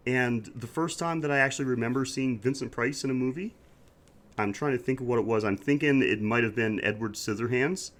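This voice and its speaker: A man's voice: mid-range voice, normal speed, pauses often, fairly bright tone. A man co-hosting a podcast, chatting casually and enthusiastically, and laughing often. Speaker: podcast co-host. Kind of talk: casual chat.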